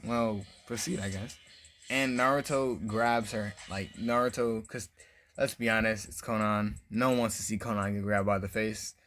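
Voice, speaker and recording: A man's voice: lowish voice, fairly even intonation, normal speed, a bit bright, faint music behind. Rambling man telling a fan story. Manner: rambling, many filler words. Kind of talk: casual fan-story narration.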